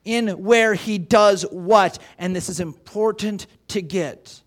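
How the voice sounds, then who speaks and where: A man's voice: high voice, slow. A man preaching a sermon as pastor, emphatic, asking rhetorical questions and repeating key phrases.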